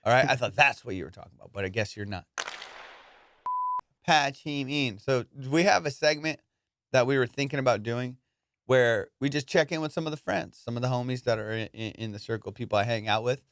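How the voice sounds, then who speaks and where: A man hosting a podcast, telling stories in a casual, profane, animated way and acting out his friends' lines. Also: medium pitch, brisk, slight background noise. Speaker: podcast host. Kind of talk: casual storytelling chat.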